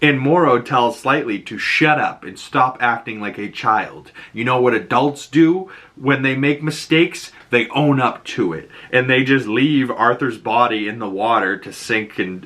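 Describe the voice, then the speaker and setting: A man with a Boston accent giving a casual, profane and excitable breakdown of a TV episode as its host. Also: medium pitch, measured pace. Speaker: show recap host.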